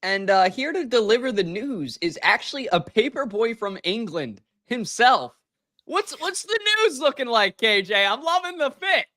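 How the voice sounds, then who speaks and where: A young man hosts a casual sports podcast in a high, bright voice. He talks in an upbeat, joking way and ribs his co-hosts. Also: big pitch swings, normal speed. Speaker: podcast host.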